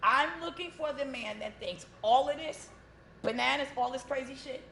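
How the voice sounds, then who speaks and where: Bright-voiced woman co-host, emphatic. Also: high-pitched, normal speed, creaky, slight background noise. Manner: emphatic, talks over others, laughs easily. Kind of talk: casual chat.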